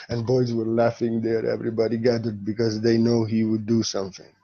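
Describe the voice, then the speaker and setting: Man, spiritual teacher, playful and laughing, loud bursts and soft murmurs, muffled recording. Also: fairly low pitch, completely flat delivery, a little fast, few pauses. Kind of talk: informal spiritual talk. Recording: slightly dull lo-fi audio.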